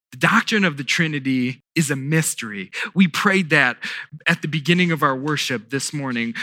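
A middle-aged male pastor preaching a sermon, emphatic and deliberate, repeating key words with pauses for weight. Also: a little high, pushed and bright, no room sound, studio quality.

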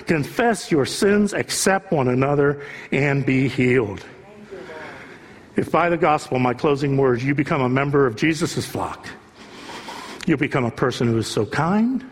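A man's voice: on the high side, expressive, moderate pace, husky. A male pastor preaching an impassioned sermon, building at times to a raised voice. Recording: long reverb of a large hall.

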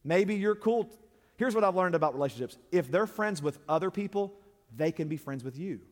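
A man delivering a sermon as a pastor, direct and unsparing in how he speaks. His voice sits a touch high and rises to emphatic peaks before dropping low and quiet. The sound carries a long echo of a church hall. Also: animated, fairly quick. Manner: blunt, straightforward preaching that swings from loud to hushed.

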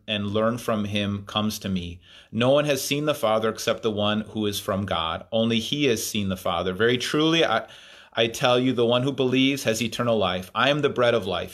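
A man's voice: on the low side, a bit bright. A man preaching a sermon, reading scripture aloud and explaining it in a thoughtful way, with frequent fillers and restarts.

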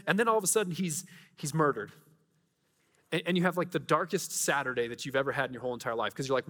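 A pastor delivers a conversational sermon, putting rhetorical questions to his listeners and shifting between lively storytelling and quiet readings from scripture. His voice sits on the high side, and the sound carries the feel of a big room.

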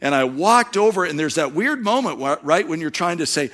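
Conversational pastor preaching, slightly high voice. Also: male voice, lively intonation, moderate pace, hardly any pauses, fairly bright tone. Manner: conversational storytelling with restarts, dropping to a near-whisper for emphasis. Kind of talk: sermon.

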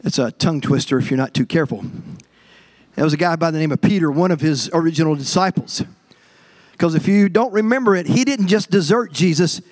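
A man's voice: fairly high pitch, brisk, darkish tone. A male pastor preaching a sermon to his congregation, emphatic and repetitive, often calling out directly to the people in front of him. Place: church service before a congregation.

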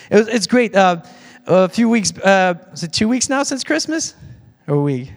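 A man's voice: high-pitched, expressive, takes it slowly, long pauses. A man preaching a conversational sermon as pastor, with frequent restarts, in a church sanctuary. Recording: long church hall reverb.

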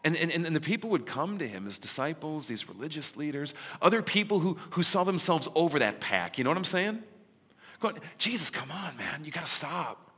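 A male pastor delivering a sermon in a conversational, emphatic way, with dramatic pauses. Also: fairly high pitch, very animated, fairly bright tone. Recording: long hall reverb.

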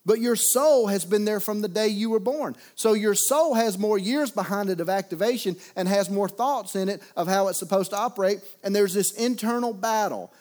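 A middle-aged pastor preaching a sermon. He is folksy and humorous, and he swings from loud preaching to quiet asides. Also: high-pitched, moderate pace, hardly any pauses.

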